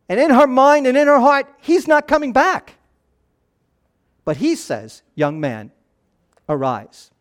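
A middle-aged pastor with a high voice preaches a sermon, shifting between soft, hushed passages and raised, animated ones.

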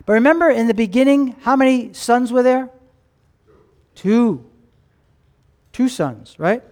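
Male pastor, very high voice, animated sermon storytelling with questions to the crowd. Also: measured pace. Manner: animated storytelling, acting out characters' lines; asks the congregation questions.

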